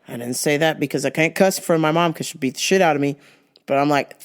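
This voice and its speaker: A young woman telling a story to camera in a casual, exasperated rant, swearing freely and rising to shouts. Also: low-pitched, lively intonation, fairly quick. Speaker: vlogger.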